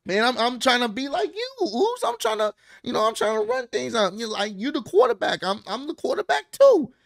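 An overeager grown man wrestler, all hyped up, who rambles in a squeaky voice pushed well above the speaker's natural pitch, as a man puts him on for a recap. The sound is close and dry. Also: brisk, creaky, no echo, heavily acted. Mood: eager. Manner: excitable, rambling, high squeaky delivery.

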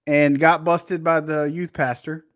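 A man's voice: a little high, flat delivery, unhurried, a bit bright, muffled recording. Rambling storytelling man co-host. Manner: rambling, anecdotal. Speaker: podcast co-host. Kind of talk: casual chat and storytelling.

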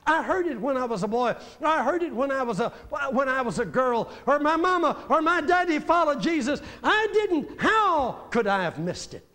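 An older man preaching a sermon. He moves between quiet, reflective musing and raised, urgent exhortation. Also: very high voice, expressive, moderate pace, hardly any pauses. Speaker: evangelist preacher.

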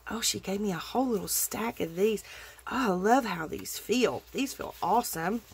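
A woman's voice: medium pitch, animated, gravelly, slightly rough. A woman hosting a crafting channel, gushing with delight as she unboxes a happy-mail package. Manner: gushing, effusive, drawn-out exclamations.

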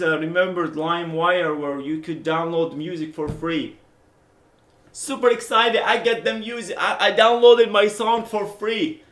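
An echoey room carries the voice of a middle-aged Arabic-speaking man from the Middle East who runs a software company. Ranting fervently and unscripted to camera, he circles back to the same points, his voice rising loud then dropping low.

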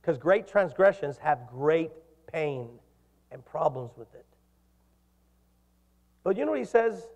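A middle-aged male pastor preaching a sermon with a fairly high voice. He is animated and asks his congregation questions. The sound carries a long reverb from the church hall. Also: slow, gravelly, long pauses.

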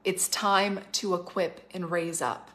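A middle-aged woman from Canada giving livestreamed prophetic teaching, emphatic and fervent, slowing down to stress key phrases and rushing through asides. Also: fairly low pitch, fairly even intonation, pushed and bright. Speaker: prophetic minister and school leader.

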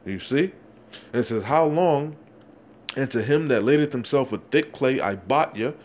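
A man's voice: medium pitch, expressive. Man preaching, peppering lines with "you see?". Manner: reads verses slowly, breaks in with constant "you see?" and "man". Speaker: street preacher. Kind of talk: fiery scripture exposition.

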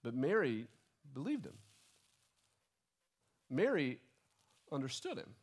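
A man's voice: mid-range voice, huge pitch swings, slow pace, husky. A male pastor delivering a sermon, talking conversationally, restarting phrases and acting out the people he quotes. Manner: conversational preaching with repeated restarts and dramatized quotes.

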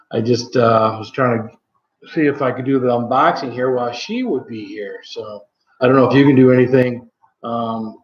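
A man's voice: mid-range voice, a bit bright. Rambling man on a live stream. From Michigan, USA. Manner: rambling, many ums and self-corrections. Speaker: channel host. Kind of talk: casual live-stream chat. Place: home. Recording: roomy, slightly dull home audio.

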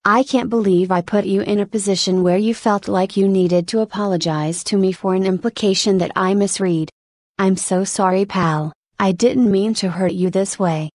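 A woman's voice: medium pitch, fairly even intonation, normal speed, a little mellow, no echo, studio quality, close to an everyday voice. A woman voicing a guilt-ridden male test subject who earnestly blames himself. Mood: apologetic. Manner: earnest, pleading self-blame.

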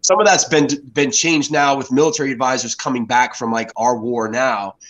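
A man's voice: mid-range voice, normal speed, a bit bright, low-quality recording. An American man in his fifties, a guest telling rambling stories in a casual interview, often restarting his sentences. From United States. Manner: rambling storyteller with frequent restarts.

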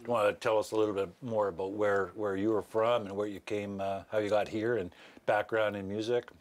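Deep-voiced guy interviewing a band, easygoing, lots of "nice, cool". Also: flat delivery. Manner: easygoing, quick affirmations. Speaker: show host interviewing a band. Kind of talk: casual interview chat.

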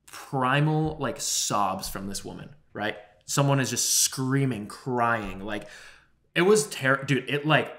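A man co-hosting a podcast, telling a long story in a rambling, animated way with lots of swearing and filler words. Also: mid-range voice. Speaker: podcast co-host. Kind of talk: casual storytelling chat.

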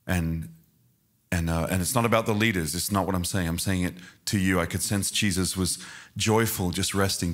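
A man preaching as a guest at a church service, earnest in prayer and lightened with self-deprecating humor. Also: sits low. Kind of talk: sermon and prayer.

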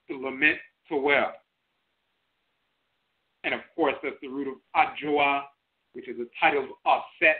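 A man hosting an internet radio broadcast, lecturing and explaining terms one by one, repeating each definition. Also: medium pitch. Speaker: host and lecturer. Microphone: phone line to an internet radio show. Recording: tinny phone-line audio.

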